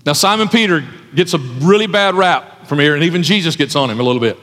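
A man's voice: a little high, animated, fast talker, fairly bright tone. A man preaching a sermon as pastor, emphatic, repeating his phrases for effect. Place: church hall with an audience. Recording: long hall reverb.

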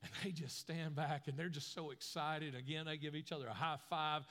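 Animated male preacher telling a story. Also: on the high side, normal speed, few pauses. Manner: animated storyteller acting out voices. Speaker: pastor. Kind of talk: sermon storytelling.

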